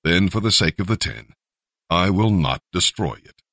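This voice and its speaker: A man voicing a calm, merciful male deity who speaks in steady, measured promises. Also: low-pitched, no echo, clean studio sound, full character voice.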